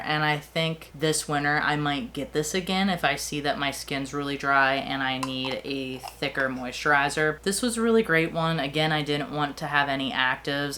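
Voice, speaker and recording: A young woman talking casually and quickly, filling her talk with "like" as she reviews beauty products she has used up. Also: low voice, bright, forceful tone. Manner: chatty, fast-talking with fillers. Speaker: beauty vlogger.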